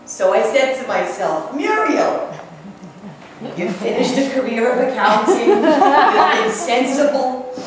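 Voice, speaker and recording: A woman's voice: high voice, sing-song, slow, background noise, exaggerated voice. A woman performing a giddy, gushing older retired accountant in a live one-woman stage comedy, laughing often and dropping into conspiratorial asides. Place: theater stage. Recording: echoey theater from a distant mic.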